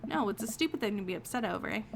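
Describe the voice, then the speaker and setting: A woman's voice: medium pitch, lively intonation, fast talker, vocal fry, background noise. A woman reading the lines of a hurt, confiding teenage daughter in a game. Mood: rueful. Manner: upset, confiding, rueful. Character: heartbroken teenage girl, daughter.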